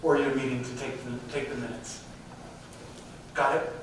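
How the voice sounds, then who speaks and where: A man's voice: mid-range voice, little pitch movement, moderate pace, a little hiss or hum. Man talking in a very echoey hall. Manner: direct, addresses the audience with questions. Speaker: diversity speaker. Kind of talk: live talk to a company audience. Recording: very echoey hall, mic far off.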